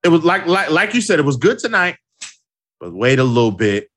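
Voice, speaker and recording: A man's voice: a little high, very animated, brisk, fairly bright tone. Emphatic man chatting on a podcast. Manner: emphatic, agreeable, repeats for emphasis. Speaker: podcast co-host. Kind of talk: casual wrestling podcast chat.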